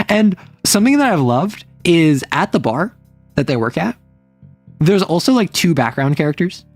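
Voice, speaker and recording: A woman's voice: deep voice, sing-song, unhurried, pauses often, a little mellow, no echo, faint music behind. A woman streamer chatting casually about romance stories, rambling with lots of fillers and briefly acting out quoted lines.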